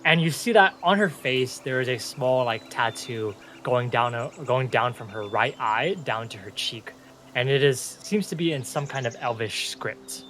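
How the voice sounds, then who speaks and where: A man's voice: medium pitch, moderate pace, fairly bright tone, slight background noise. A young man narrating as game master, loose and chatty, breaking into chuckles as he describes the scene.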